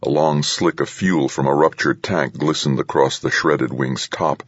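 A man narrating an audiobook thriller in a steady, dramatic reading. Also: a bass voice, measured pace, slightly rough, dry recording. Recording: dull, dry studio read.

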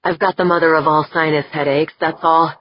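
Brief: a woman playing a kind young man fighting a headache, tense and gentle. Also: on the high side, level tone, fairly quick, no room sound, dull audio, natural voice. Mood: strained. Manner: tight, strained.

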